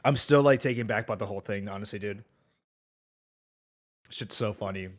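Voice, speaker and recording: A man streaming a game reaction rant, excitable and profane, constantly calling out bro and dude. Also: on the low side, normal speed. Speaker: gaming streamer. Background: game music.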